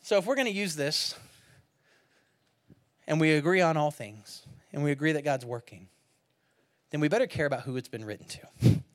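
A man preaching a sermon in a conversational, animated way, swinging from hushed near-whispers to loud emphatic bursts and asking rhetorical questions. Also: fairly high pitch, normal speed, pauses often. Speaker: pastor.

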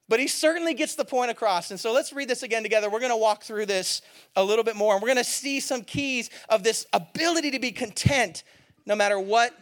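A man preaching a sermon as a pastor, talking in a lively, conversational and emphatic way with playful asides. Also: extremely high pitch.

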